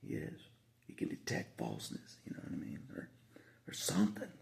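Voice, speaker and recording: Gravelly-voiced man rambling to camera. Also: on the low side, huge pitch swings, fairly quick, darkish tone, whispered. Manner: rambling, repeats himself, frequent asides. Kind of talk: casual monologue to camera.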